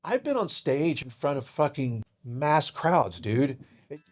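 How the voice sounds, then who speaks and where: Man telling a story, loud to hushed. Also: on the high side, measured pace. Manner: swings from loud and animated to hushed and tearful; swears casually, calls listeners dude. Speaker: podcast guest. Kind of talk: emotional storytelling.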